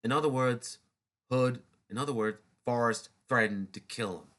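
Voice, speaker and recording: A man's voice: medium pitch, normal speed, fairly bright tone. A man narrating a history video in a loose, chatty way, with restarts and snarky asides. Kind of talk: casual unscripted history talk.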